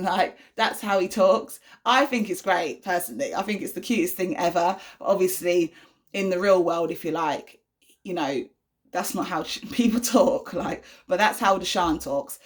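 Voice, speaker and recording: A young woman talks casually to her audience about her son. Her voice sits slightly low, and her speech wanders with ums, restarts and constant "do you know what I mean" asides. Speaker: vlogger, mother of an autistic son. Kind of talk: casual talk to camera.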